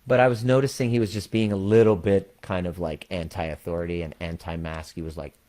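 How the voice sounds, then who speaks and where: Deep-voiced man telling a candid story. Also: flat delivery, warm tone. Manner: candid, swears freely; slows down to stress key points. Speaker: coach and community leader. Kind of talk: personal story and address to a community.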